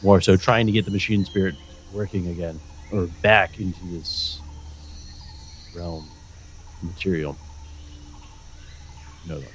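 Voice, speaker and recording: A man's voice: low-pitched, fairly even intonation, measured pace, long pauses. A man narrating as game master of a tabletop game, hesitant with many fillers.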